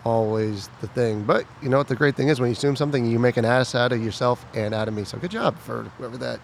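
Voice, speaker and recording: A man in casual podcast chat, telling animated stories and mimicking a shouting drill instructor. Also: mid-range voice, fast, gravelly, a little hiss or hum. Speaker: podcast co-host.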